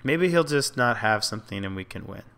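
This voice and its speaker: In a fairly low, gravelly, fairly bright voice, a man speaks briskly and expressively about his own online card game. He thinks through plays out loud and berates himself for mistakes, muttering and erupting in frustration.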